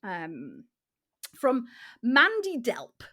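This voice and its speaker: A woman in her forties chatting as a podcast co-host, her voice rising and falling in a lively way and sitting a touch high. She laughs often and lets sentences trail off before restarting them. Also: extremely slow. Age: 40s. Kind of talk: casual chat.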